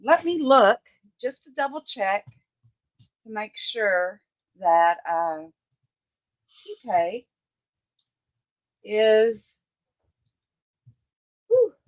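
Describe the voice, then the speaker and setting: A woman's voice: mid-range voice, extremely slow, pauses often, no room sound, muffled recording. A woman hosting a casual crafting live stream from her home desk, chatting as she works, greeting viewers by name and thinking aloud. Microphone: phone.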